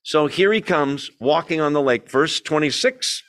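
A man's voice: a little high, moderate pace, a bit bright. A man teaching a Bible study in a conversational way, asking the group questions and telling the story with energy.

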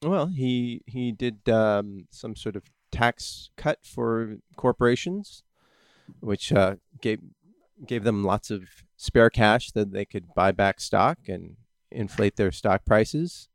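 A man co-hosting a podcast, talking haltingly with many pauses and dry sarcasm. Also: fairly low pitch, no room sound. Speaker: podcast co-host. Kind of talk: casual banter.

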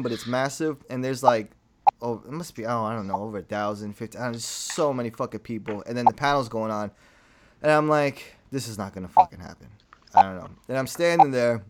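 A man telling a story in casual chat, animated and profane, acting out what people said. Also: medium pitch, background noise. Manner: animated, profane, acts out quotes.

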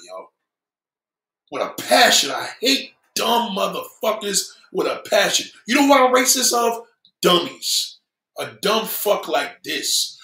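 A man's voice: high voice, sing-song, moderate pace, pushed and bright, roomy sound. A man hosting a livestream, reading viewer comments and ranting with heavy swearing, mocking and repeating himself. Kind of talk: profane livestream rant.

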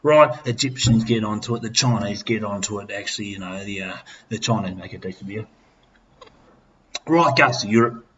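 A man's voice: lowish voice, normal speed, a bit bright. Aussie bloke in his 50s, half pissed, swearing his way through a rant, kinda dull lo-fi sound. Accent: Australian. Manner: crude, rambling, heavy swearing. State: tipsy. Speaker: podcast host. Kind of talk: boozy comic rant. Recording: slightly dull with faint noise.

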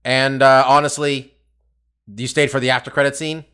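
A man co-hosting a casual podcast chat, animated and laughing, swearing freely. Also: mid-range voice, moderate pace, smooth. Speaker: podcast co-host.

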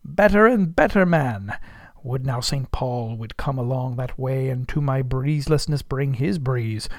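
A man voicing an obsessed old sea captain in an audiobook, muttering low and solemnly. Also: measured pace, dry recording, natural voice. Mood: exultant.

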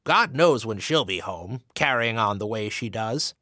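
A man's voice: fairly low pitch, expressive, unhurried, sharp tone, dry recording, clean studio sound. A man voicing a sour older woman neighbor who grumbles curtly. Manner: curt, grumbling, scornful.

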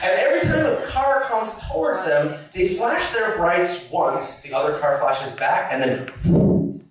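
A man telling a story on stage, animated and swearing, often laughing as he talks. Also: sits high, unhurried. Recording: echoey hall, distant mic.

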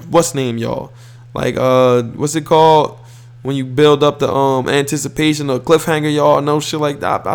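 A young man hosting a podcast, retelling a basketball game in casual, boastful, profane slang, correcting himself as he goes. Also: a little high. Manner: animated, boastful, profane, restarts and self-corrections. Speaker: podcast host. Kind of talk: casual storytelling.

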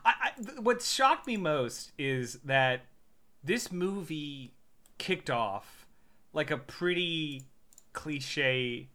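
A man's voice: a little high, lively intonation, drawn-out words, sharp tone. A man co-hosting a casual movie review podcast, exasperated and emphatic, stumbling over his starts. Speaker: podcast co-host.

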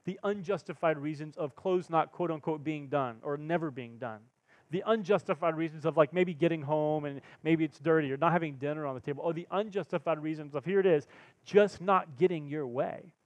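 Man, pastor, sermon, animated storyteller, higher voice, dry close sound. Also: fairly quick, dry recording. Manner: animated storyteller, acts out quotes, laughs at himself. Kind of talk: sermon with personal stories. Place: church sanctuary.

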